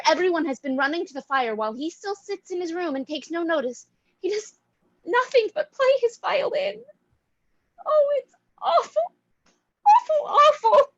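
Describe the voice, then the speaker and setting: A woman's voice: sits high, no room sound, dull audio. A woman playing a despairing young woman of twenty-three, crying through her lines in a cold read over a video call. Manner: sobbing, anguished outbursts. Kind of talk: cold-read stage drama.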